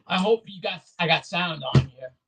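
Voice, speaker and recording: A man's voice: high-pitched, moderate pace, gravelly, background noise. A man ranting angrily on his own video, blunt and repetitive. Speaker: vlogger. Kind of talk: angry political rant to camera.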